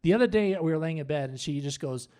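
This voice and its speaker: High, lively stand-up comedian. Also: male voice. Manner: animated, punchy joke delivery with quick asides to the crowd. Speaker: stand-up host. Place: comedy club. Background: audience laughter.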